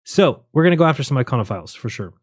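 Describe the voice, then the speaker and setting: A man's voice: mid-range voice, big pitch swings, racing, slightly rough, no echo, clean studio sound. A man hosting a casual livestream, rambling and joking, often laughing at his own jokes. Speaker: livestream host.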